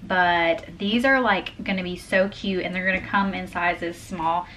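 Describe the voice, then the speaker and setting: A woman's voice: fairly low pitch, fairly even intonation, a little slow, a bit bright, slight background noise, low-quality recording. A young woman chatting casually in a vlog about her small craft business, upbeat and full of fillers. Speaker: small business owner vlogging. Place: home craft studio and a fabric store.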